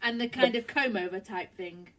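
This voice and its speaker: A woman's voice: fairly high pitch, normal speed, crowd noise. Teasing British woman co-host. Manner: teasing and playful. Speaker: radio co-host. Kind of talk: casual radio chat.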